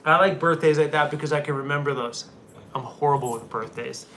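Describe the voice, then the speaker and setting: A middle-aged man from Canada chats on a relaxed live stream, rambling from one thought to the next in a hotel room. His voice sits a little high for a man. A faint hiss of room noise runs underneath. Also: brisk. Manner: relaxed, rambling, talks baby-talk to his dog. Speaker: van-life vlogger doing a live stream. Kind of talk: casual live-stream chat.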